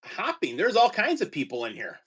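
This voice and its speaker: A man's voice: sits high, wildly swooping pitch, a little fast, fairly bright tone, slightly rough. A man hosting a casual livestream chat from home, easygoing and rambling. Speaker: teacher and card-collecting stream host.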